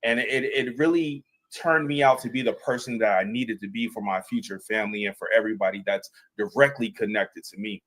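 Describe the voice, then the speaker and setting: A man's voice: fairly low pitch, fairly even intonation, fairly quick, few pauses, a bit bright, poor audio. A man, a former airman, telling a personal story on a panel, earnest and emphatic with frequent restarts. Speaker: panel guest, veteran.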